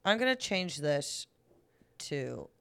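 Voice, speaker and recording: A woman's voice: sits low, big pitch swings, slow pace, vocal fry, fairly bright tone, clear, resonant tone. A young adult woman co-hosting a podcast, chatting casually in a playful, bantering way and laughing often. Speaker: co-host. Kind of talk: casual chat.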